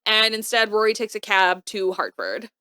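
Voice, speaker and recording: A woman co-hosting a casual recap podcast, retelling scenes in an animated way and acting out the characters' lines. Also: medium pitch, normal speed, smooth, no room sound, studio quality. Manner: animated retelling, acting out quotes in varied voices. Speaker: podcast co-host recapping a TV episode. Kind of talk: casual chat.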